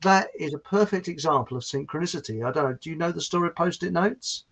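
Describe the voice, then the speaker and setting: A man with a southern English accent telling chatty, animated stories as a guest on a video call. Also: on the high side, quick pace. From southern England. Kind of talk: casual chat on a video call. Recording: muffled video call audio.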